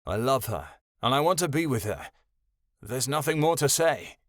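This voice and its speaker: A man voicing a defiant, hot-tempered young man who argues and yells nastily. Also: medium pitch, very animated, moderate pace, no room sound, studio quality, lightly acted. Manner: defiant, nasty, yelling.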